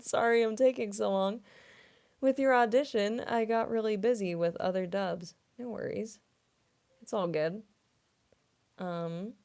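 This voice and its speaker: A woman's voice: mid-range voice, a little mellow. A woman voice actress chatting casually on a livestream, reading viewer comments and rambling with lots of filler words. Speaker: voice actress and streamer.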